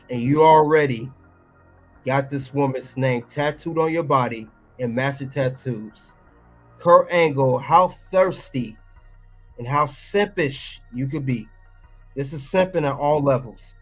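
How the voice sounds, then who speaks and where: A man's voice: medium pitch, slow pace, long pauses, faint music behind. A man giving casual reaction commentary, emphatic and ranting, often repeating his points.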